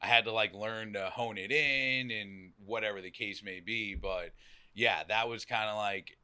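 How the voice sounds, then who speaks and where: A young man with a Boston accent speaks in a low, hard-edged, forceful voice. He talks loudly and outgoingly, swearing and acting out what others said. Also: steady tone, normal speed, smooth. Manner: loud, outgoing, swears, acts out quotes. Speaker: podcast guest. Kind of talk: casual conversation.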